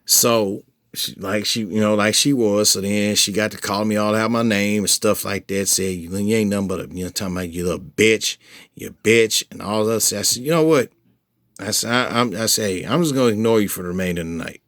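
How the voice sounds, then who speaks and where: A man's voice: on the low side, brisk, no echo, clean studio sound. A man casually recounting a personal story to his viewers, with lots of profanity and frequent restarts, his voice jumping when he replays his own angry replies. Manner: profane, animated retelling with heated quoted outbursts; frequent restarts and filler phrases. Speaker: vlogger updating followers.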